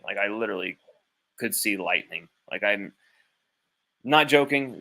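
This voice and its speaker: This is a sports podcast host's livestream, done from home while his child is around. He has a fairly low, gravelly voice that comes across pushed and bright, and his talk is loose, rambling and blunt, with easy swearing.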